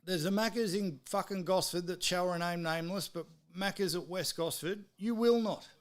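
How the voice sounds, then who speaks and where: A man's voice: high-pitched, normal speed. A man with an Australian accent hosting a live sports stream, swearing freely as he tells exasperated stories. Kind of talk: casual ranting chat.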